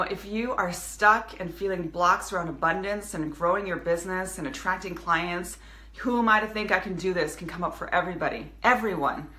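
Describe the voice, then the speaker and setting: A woman's voice: lowish voice, bright, forceful tone, echoey room. A woman in her thirties, a business coach speaking earnestly to her viewers in a live video, with many restarts. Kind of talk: casual motivational live video.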